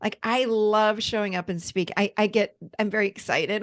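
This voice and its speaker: A woman's voice: mid-range voice, normal speed. A woman therapist and coach speaking as an interview guest, earnest and enthusiastic. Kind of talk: casual interview chat.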